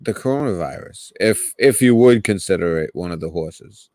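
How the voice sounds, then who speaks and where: A man's voice: deep voice, lively intonation, normal speed, warm tone, no room sound. A man with a Boston accent hosting a casual call-in chat, rambling and restarting his sentences. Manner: rambling, hesitant, many restarts. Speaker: podcast host.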